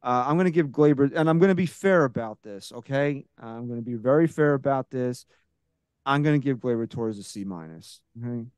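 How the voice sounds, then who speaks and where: A man hosting a sports podcast, ranting casually and profanely, getting loud and heated. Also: medium pitch, brisk, clean tone, dry recording. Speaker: podcast host.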